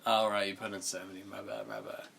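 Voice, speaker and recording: Rambling, swearing young man with a gravelly low voice. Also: sing-song, quick pace, a bit bright, a little hiss or hum. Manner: rambling, heavy swearing, loses his train of thought. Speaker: podcast host. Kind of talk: casual chat.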